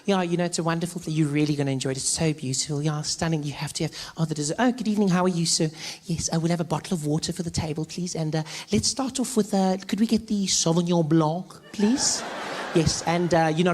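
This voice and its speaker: A man putting on an affected diner with an airy, refined tone. A slightly high voice with light background noise. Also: fairly even intonation, fast talker, a little mellow, lightly acted. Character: affected diner ordering in a French restaurant.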